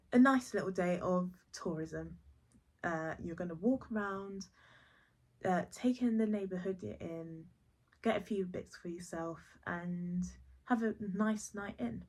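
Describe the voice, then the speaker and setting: A woman's voice: mid-range voice, slow pace, darkish tone. A young woman improvising a second-person story for her podcast, chatty and rambling, correcting herself with casual asides. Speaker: podcast host.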